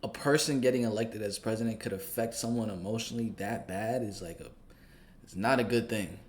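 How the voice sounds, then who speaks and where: A low-voiced man hosts his video in a relaxed, chatty way. He talks straight to his viewers as if they were family. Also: brisk, slight background noise. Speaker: video host. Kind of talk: casual commentary and promotion.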